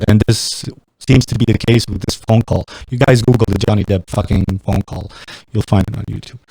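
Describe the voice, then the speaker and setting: Podcast host, male, low mellow voice, crude rambling delivery, dry close sound. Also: dry recording. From Romania. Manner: profane, rambling, blunt storytelling. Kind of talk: casual podcast chat. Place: small podcast studio.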